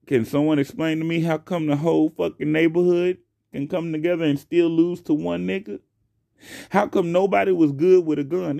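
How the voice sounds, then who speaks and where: A young man hosting his own podcast alone, talking casually and profanely into a close mic, swinging between loud outbursts and quiet asides. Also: on the high side, gravelly, no room sound. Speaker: podcast host. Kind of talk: casual solo podcast rant.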